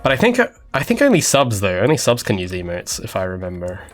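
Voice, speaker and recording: A man's voice: fairly low pitch, huge pitch swings, a little fast, soft background music. A young Australian man livestreaming his game development, chatting casually and rambling with self-mocking jokes to his viewers while he codes. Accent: Australian, often taken for Canadian. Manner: rambling, self-mocking, jokey asides to chat. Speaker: indie game developer streaming.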